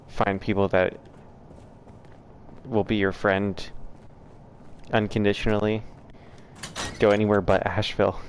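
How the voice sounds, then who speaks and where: Man, livestream host, casual chat, somewhat low pitch, rambling, frank, filler-heavy. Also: slight background noise. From southern United States. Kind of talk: casual chat answering viewers.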